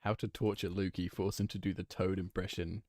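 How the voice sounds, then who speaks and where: A man's voice: sits low, level tone, brisk, a little mellow, dry recording, clean studio sound. A young man streaming a game, chatting casually and laughing, flustered and rambling. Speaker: gaming streamer.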